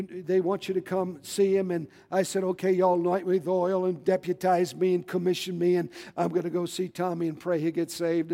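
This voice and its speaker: Male preacher, high-pitched, folksy and shouting, in a reverberant church hall. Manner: folksy, rises to shouting, calls for amens. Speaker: pastor. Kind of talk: sermon. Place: church sanctuary.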